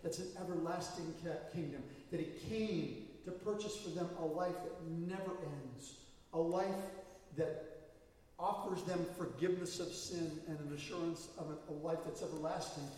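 A man's voice: on the high side, steady tone, normal speed, a little mellow. A man preaching a sermon as pastor, talking in a conversational, storytelling way and breaking into anecdotes about people he has counseled. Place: church sanctuary. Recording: echoey hall, mic far off.

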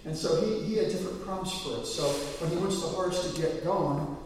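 Male pastor, sermon storyteller who builds to loud peaks; slightly high voice, distant mic, long church reverb. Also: fairly quick, slight background noise. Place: church sanctuary. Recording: echoey hall, mic from afar.

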